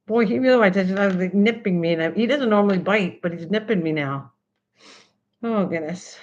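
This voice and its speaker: A woman's voice: medium pitch, normal speed, a little mellow. An older woman hosting a crafting livestream, chatting casually and laughing as she talks to her cat and viewers. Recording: dull lo-fi sound.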